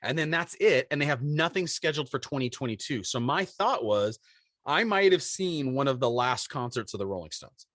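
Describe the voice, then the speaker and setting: A man in his forties telling a story on a podcast in casual chat, animated and acting out the voices of people in it. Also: mid-range voice, normal speed, no echo, studio quality. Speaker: podcast co-host.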